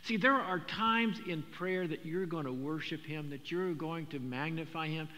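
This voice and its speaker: An older man preaching a sermon, talking in a conversational, animated storytelling way with frequent repetitions. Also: fairly high pitch, moderate pace. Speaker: pastor. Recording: long hall reverb.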